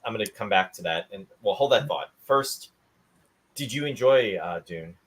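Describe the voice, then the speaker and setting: A man's voice: on the low side, expressive, moderate pace, a bit bright, husky. A man co-hosting a casual movie podcast, joking and fond of puns. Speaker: podcast co-host.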